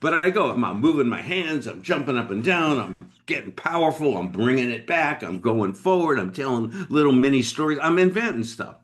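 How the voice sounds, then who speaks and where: A man from Boston, a podcast guest and business leader, telling a story in an animated, emphatic way, with dramatic pauses and asides to the listener. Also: mid-range voice. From Boston, United States.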